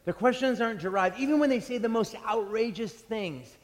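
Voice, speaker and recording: A man preaching a sermon as pastor, telling stories in an animated way and often restarting his sentences. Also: sits high, a little fast. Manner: animated storytelling with frequent restarts. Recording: long hall reverb.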